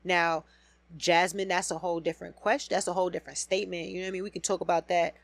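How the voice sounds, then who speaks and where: A woman hosting a podcast alone, giving a casual, blunt and profane rant about reality TV with loud emphatic bursts. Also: lowish voice, flat delivery, fast talker, creaky, dry recording. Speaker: podcast host.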